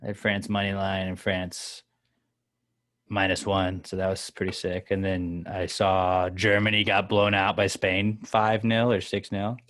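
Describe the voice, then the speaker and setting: A man from the United States co-hosting a sports podcast, rambling in an animated, self-mocking way and swearing. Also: low voice, a little slow, dry recording, studio quality. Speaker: podcast co-host. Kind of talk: casual chat.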